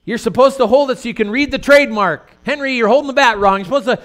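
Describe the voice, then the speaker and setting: A man's voice: very high-pitched, fast, a bit bright, voice pushed up. A man voicing a needling baseball catcher who taunts a batter in a teasing, singsong voice. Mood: taunting.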